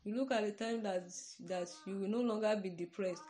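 Woman, Nigerian accent, podcast preacher, earnest conversational sermon, mid-pitched voice. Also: a little fast, warm tone. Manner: earnest, repeats "you understand?".

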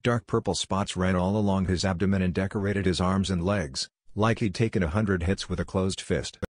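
Deep, husky male horror narrator. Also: fairly even intonation, normal speed, no room sound, studio quality.

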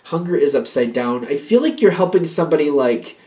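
A man with a fairly high voice giving a casual tarot reading. He rambles and repeats himself. He breaks into lively acted-out pep talks. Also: brisk. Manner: animated, acts out little pep-talk quotes; rambling, repeats and restarts phrases. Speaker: tarot reader.

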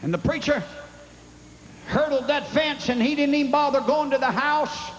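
A man preaching a fiery revival sermon, telling a folksy story and shouting at times, recorded live in a big tent. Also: very high voice, normal speed, a little hiss or hum. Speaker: evangelist preacher. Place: large revival tent with congregation. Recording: tent revival with long echo and crowd.

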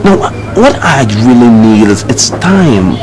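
A man's voice: medium pitch, very animated, slow, over music. An actor playing a cold, dismissive young man who lectures his fiancee in a condescending way. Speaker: young man ending an engagement. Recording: noisy film soundtrack.

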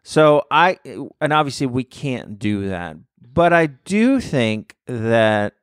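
A man in his thirties co-hosting a casual podcast, rambling and reflective and quick to laugh. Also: medium pitch, sing-song, clear, resonant tone, no echo, studio quality. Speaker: podcast co-host. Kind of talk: casual chat.

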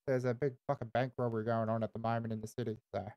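A man's voice: mid-range voice, little pitch movement, rapid-fire, a little mellow, muffled recording. An Australian man streaming casual in-character game roleplay, laid-back and swearing constantly, tagging "eh" onto his lines.

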